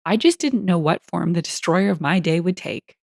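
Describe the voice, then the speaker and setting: A woman narrating a workplace story in a wry, deadpan storytelling manner. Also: fairly low pitch, moderate pace, vocal fry, dry recording, clean studio sound.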